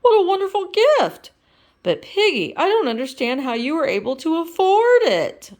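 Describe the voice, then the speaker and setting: A woman's voice: extremely high pitch, sing-song, moderate pace, darkish tone, voice pushed up. A woman voicing an earnest, flustered male frog who stammers eagerly.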